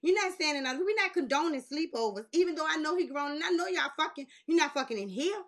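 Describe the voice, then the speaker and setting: A woman in her forties telling a long story in casual chat, animated and swearing, laughing as she goes and jumping high when she quotes people. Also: fast. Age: 40s. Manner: jumps high in pitch when quoting people. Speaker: podcast host.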